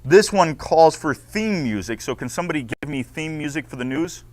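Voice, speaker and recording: A man's voice: fairly high pitch, lively intonation, moderate pace, a little mellow. A man teaching a school class, playful and joking with his students in a classroom. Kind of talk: classroom instruction.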